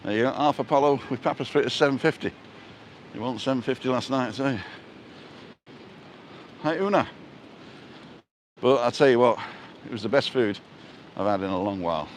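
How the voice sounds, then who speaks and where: A man's voice: medium pitch, normal speed, long pauses, slight background noise. Joking man chatting on a walk. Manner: chatty, self-mocking, punning jokes. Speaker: vlogger and live-stream host. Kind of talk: casual walking live-stream chat. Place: outdoors, walking along a street in a seaside resort. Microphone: handheld phone camera.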